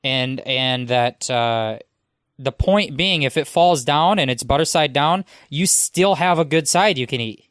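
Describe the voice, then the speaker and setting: A man joining a casual podcast as a guest, joking in a deadpan way with halting restarts. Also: mid-range voice, smooth, no echo, clean studio sound.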